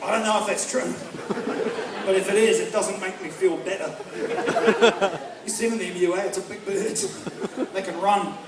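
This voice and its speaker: A man's voice: high voice, steady tone, normal speed, pauses often. Kiwi-guy doing stand-up, brash and sweary, crowd laughing in a roomy club. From North America. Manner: brash, swearing, mocking impressions. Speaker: stand-up comedian. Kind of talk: stand-up comedy set. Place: live comedy venue with audience. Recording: echoey live room, crowd noise, distant mic.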